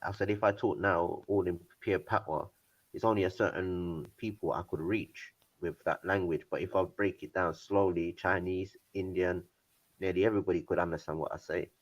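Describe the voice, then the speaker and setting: A man's voice: deep voice, fairly even intonation, normal speed, dull audio. A man in a casual debate, explaining his view steadily and patiently.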